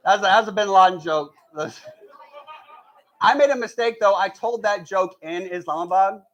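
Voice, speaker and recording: At a live show, a high-voiced man delivers an energetic stand-up set, voicing the characters in his stories and chuckling at his own jokes. He speaks unhurriedly and pauses often, and the audio sounds dull.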